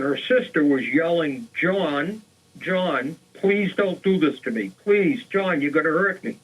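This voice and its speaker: A man tells an old murder case on a local talk show, in an easy, unscripted way, often pausing with "uh" and starting over. His voice sits at an ordinary pitch. The sound is plain and a little lo-fi. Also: fairly bright tone. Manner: casual retelling with fillers and restarts. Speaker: co-host. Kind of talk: storytelling a true crime case.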